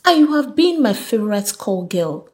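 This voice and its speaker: Give me a woman playing a fatherly old senator, tender and reassuring, with a medium pitch. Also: sing-song, normal speed, darkish tone, natural voice. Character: aging wealthy male senator, fatherly.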